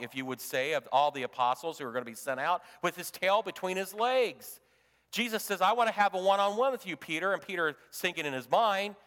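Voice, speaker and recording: A man preaching a sermon as pastor, swinging from loud emphasis to hushed tones. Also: on the high side, big-room sound.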